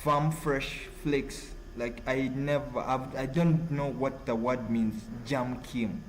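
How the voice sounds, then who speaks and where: A Ugandan-accented man chats his way through a live stream at a medium pitch, wandering and restarting his sentences. His talk is loose and full of fillers, with a faint hiss of noise behind him. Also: fairly even intonation, rough recording. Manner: rambling, halting, full of fillers. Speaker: live-stream host reading chat. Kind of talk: casual live-stream chat.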